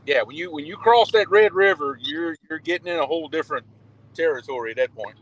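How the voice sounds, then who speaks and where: A man with a South Louisiana accent chatting casually on a fishing livestream call from a loud truck, easygoing and often restarting his words. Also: fairly high pitch, fast talker, rough recording. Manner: easygoing, chuckles often, repeats words as he starts. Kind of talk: casual chat.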